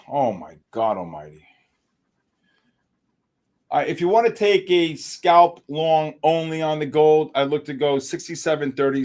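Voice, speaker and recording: With a medium-pitched voice, a middle-aged man hosts live futures trading, giving excitable commentary. He breaks into loud outbursts and shows jokey exasperation.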